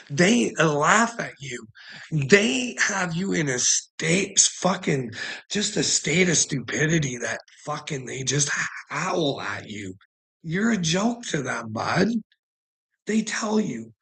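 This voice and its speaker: Gravelly profane Canadian man ranting. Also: on the high side, very animated, slow, a bit bright, poor audio. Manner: rambling, profane, chuckling. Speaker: vlogger. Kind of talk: casual rant to viewers.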